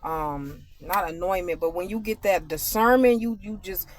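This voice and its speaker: A woman vlogger telling a casual, animated story to her viewers and turning it into a spiritual message. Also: fairly low pitch, moderate pace. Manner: animated, conversational, addresses viewers directly.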